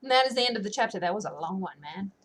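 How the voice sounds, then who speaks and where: An audiobook reader and streamer races through a classic novel aloud before slipping into casual chat with her listeners. Her medium-pitched voice sounds sore and a bit scratchy from lengthy reading. There is faint noise in the background.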